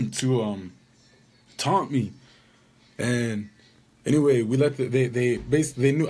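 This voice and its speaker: A man's voice: mid-range voice, husky. A man casually telling a rambling story about being wronged, with an indignant tone. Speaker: vlogger.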